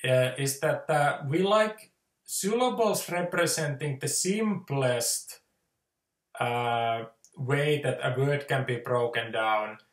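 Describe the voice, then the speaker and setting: Slow, hesitant Finnish man. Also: medium pitch, reverberant. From Finland. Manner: hesitant, many fillers, explanatory. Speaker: language teacher. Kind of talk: casual spoken lesson.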